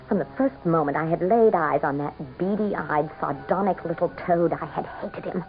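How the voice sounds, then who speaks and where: A woman's voice: low-pitched, normal speed. An actress playing an ambitious, scheming governor's wife who narrates her own cool, bitter confession in a 1970s radio drama. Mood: seething. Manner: cool, bitter, worldly first-person confession. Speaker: narrator and lead character. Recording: dull, muffled old radio broadcast with music behind.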